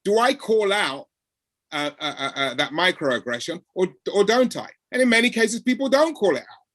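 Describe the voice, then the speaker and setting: This high-pitched man speaks at a moderate pace, with no room sound on the recording. He talks conversationally about code switching and his experiences at work. He gets animated and acts out the exchanges he quotes.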